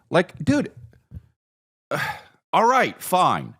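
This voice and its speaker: A man's voice: medium pitch, huge pitch swings, takes it slowly, long pauses, fairly bright tone. A man hosting a podcast, rambling through a profane, comedic solo monologue that jumps between topics. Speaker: podcast host.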